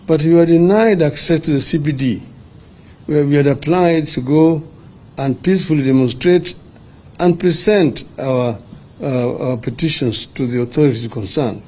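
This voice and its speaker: An older Kenyan man delivers a press statement in a measured, deliberate way. His voice is a little high for a man but mellow and soft-edged. He pauses and restarts now and then while he answers reporters. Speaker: opposition leader at a press briefing.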